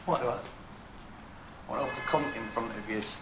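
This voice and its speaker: A man's voice: medium pitch, moderate pace, close to an everyday voice. An actor playing a heartbroken young man who rages and pleads with his friends, swearing, in a television drama. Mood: anguished. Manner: sweary, pleading and shouting in distress. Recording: roomy with background noise.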